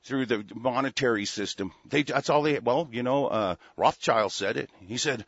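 Male American broadcaster with a husky voice, reads the news and rants profanely with lots of fillers, on dull, dry audio. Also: medium pitch, fairly bright tone, dry recording. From United States. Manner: profane, halting, many fillers and restarts. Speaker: broadcast host. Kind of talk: angry news commentary. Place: seated at a desk.

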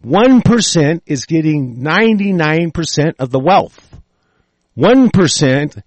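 A man's voice: fairly high pitch, animated, takes it slowly, no room sound. A man delivering a furious, profane solo rant in which he reacts to news items he reads aloud. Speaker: political commentator.

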